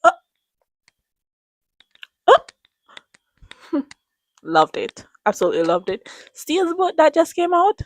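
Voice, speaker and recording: A woman's voice: very high-pitched, slow pace, long pauses, no room sound. A woman, gushing in a casual, rambling chat to camera as a book reviewer. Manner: gushing, animated, rambling with restarts.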